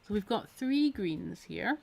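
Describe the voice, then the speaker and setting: Chatty and encouraging, this Scottish woman talks through a live needle felting lesson while she works, her voice slightly worn from a week of talking. It sits at medium pitch with lively intonation, a slow pace and a gravelly texture.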